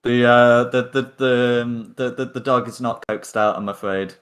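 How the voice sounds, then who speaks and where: A man's voice: mid-range voice, steady tone, moderate pace, a bit bright. Hesitant man running a tabletop game. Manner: hesitant, lots of ums and repeated words. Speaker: game master.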